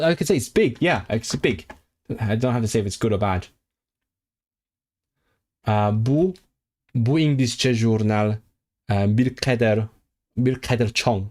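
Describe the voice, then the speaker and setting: Casual male streamer, slightly low voice, drills foreign phrases slowly and muses aloud with many ums. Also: a little mellow. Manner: thinking aloud, halting, with many fillers and restarts; slow, careful repetition of foreign phrases. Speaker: language-learning streamer. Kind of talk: casual livestream language practice.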